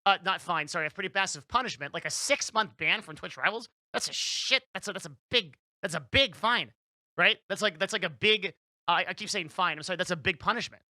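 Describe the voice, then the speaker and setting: Young guy talking fast and loose, high bright voice, super dry close mic, trips over his words a lot. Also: no echo. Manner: rambling with many restarts and fillers. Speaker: commentator. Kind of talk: casual commentary.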